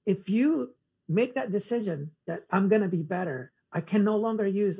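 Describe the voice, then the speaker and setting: Podcast guest, male, very husky voice, animated storyteller who quotes whole exchanges, dull audio. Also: sits high, moderate pace. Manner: acts out conversations in quoted dialogue. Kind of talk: casual storytelling interview.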